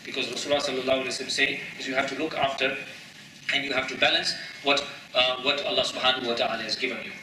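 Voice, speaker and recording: In an echoey mosque prayer hall, an imam's mid-range voice comes from a distance, rapid-fire, pushed and bright with fairly even intonation, plus a little hiss or hum. His emphatic sermon leans on rhetorical questions, repeated key phrases, and Arabic terms.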